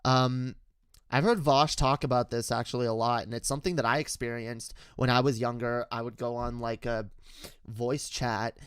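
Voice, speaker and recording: A man's voice: mid-range voice, steady tone, moderate pace, clear, resonant tone, no echo, studio quality. A man hosting a livestream, chatting casually and reading chat, with rambling speech full of restarts. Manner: rambling, lots of fillers and restarts, laughs often.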